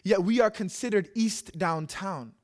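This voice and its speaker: Speaking a little slowly in a high-pitched voice, a young man from Canada performs a public spoken-word talk. He delivers rhythmic, repeated lines with passion and sincerity from a live stage in a city hall.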